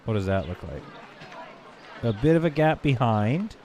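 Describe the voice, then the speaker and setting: With big pitch swings and a mellow, mid-range voice, a man live-streams a game and jokes around with viewers. His attempts at French come out halting and self-corrected, and slight background noise sits under the audio.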